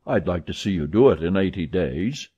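Guy reading worked-up gentleman at cards, insistent, husky, muffled lo-fi audio. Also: low-pitched, animated, moderate pace. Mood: agitated. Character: excitable, easily annoyed gentleman card player. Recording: dull lo-fi recording.

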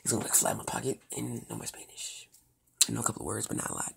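A man's voice: fairly low pitch, fairly even intonation, very fast, gravelly, a bit bright, a little hiss or hum. A young man reading a story game aloud, breaking off into joking, rambling asides. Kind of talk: let's play commentary.

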